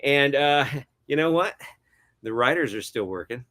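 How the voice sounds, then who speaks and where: A middle-aged man speaks as an interview guest, moving through his stories with plenty of hesitant fillers. His voice sits at an ordinary pitch, and his tone stays casual and chatty. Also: animated, measured pace, fairly bright tone. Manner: rambling, many hesitant fillers, chuckles often. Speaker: guest cinematographer.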